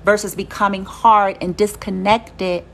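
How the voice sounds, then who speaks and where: A woman's voice: medium pitch, steady tone, unhurried, vocal fry, a little hiss or hum. A woman giving life advice in a casual motivational talk, emphatic and conversational, swearing for emphasis and checking in with "you know" and "okay?". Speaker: speaker sharing life advice.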